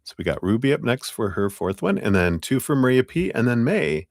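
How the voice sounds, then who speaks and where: A man's voice: mid-range voice, sing-song, a little fast, gravelly, a little mellow, no echo, studio quality. A man hosting a live tarot stream, chatting casually with viewers and reading cards in a rambling way full of fillers and easy laughter. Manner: chatty and rambling, many "you know" fillers, laughs often. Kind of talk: casual livestream chat and card reading.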